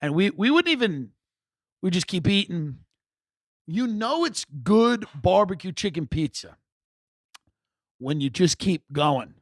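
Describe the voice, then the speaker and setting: A man hosting a podcast, telling comic stories in a rambling, wry, animated way. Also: high voice, measured pace, pauses often, no room sound, studio quality. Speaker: podcast host. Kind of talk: comic storytelling monologue.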